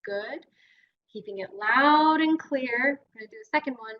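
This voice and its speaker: A woman's voice: high voice, unhurried, lo-fi sound, slight background noise. A Canadian woman speech-language pathologist leading a guided voice exercise class in an encouraging way. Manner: encouraging, demonstrates vocal drills.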